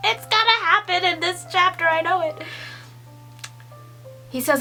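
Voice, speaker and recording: A young woman reading a manga chapter aloud and reacting with gushing excitement, swearing and laughing often. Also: extremely high pitch, unhurried, pauses often, faint music behind. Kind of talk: excited read-along reaction.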